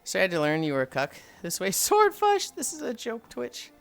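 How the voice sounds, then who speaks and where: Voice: medium pitch, wildly swooping pitch, brisk, vocal fry, faint music behind. A livestreamer chatting casually with viewers, telling stories with frequent sighs and laughs. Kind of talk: casual live-stream chat.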